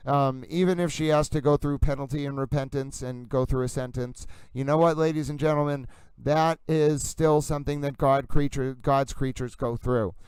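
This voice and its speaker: A man's voice: a little high, clear, resonant tone, dry recording, low-quality recording. A man hosting a live stream, greeting viewers in the chat by name in a playful, theatrical way. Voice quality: playful, theatrical, calls himself towel. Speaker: livestream host.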